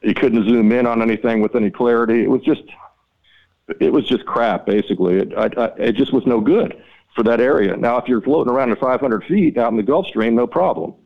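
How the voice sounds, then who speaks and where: A man talks through a story with rising exasperation, his voice climbing in pitch as he acts out both sides of a heated phone call. The recording is a bit dull and lo-fi, like a plain podcast mic. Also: brisk, gravelly. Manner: animated, exasperated, reenacts dialogue with rising pitch. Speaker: podcast guest, mapping company founder. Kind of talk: storytelling interview talk.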